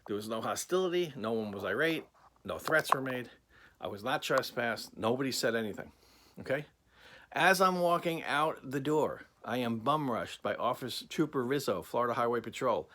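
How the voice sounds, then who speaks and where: A man tells a personal incident to the camera in anger, emphatic and repetitive, with occasional swearing. His mid-range voice is animated, pushed and bright, moving at a normal speed.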